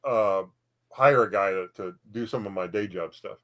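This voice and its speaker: A man's voice: on the low side, moderate pace, fairly bright tone. A man co-hosting a casual chat, hesitant and wry, often restarting his sentences. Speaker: co-host.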